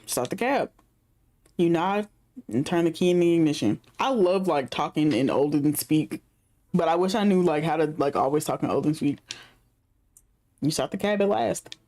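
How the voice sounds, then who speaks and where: A woman's voice: deep voice, normal speed, dark tone. A woman game streamer reading the story narration aloud, breaking off into chatty asides full of fillers.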